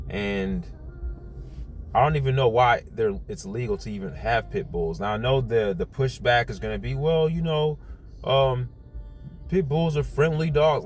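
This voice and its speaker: Blunt, heated man ranting. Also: on the low side. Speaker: commentator. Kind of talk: casual opinion monologue.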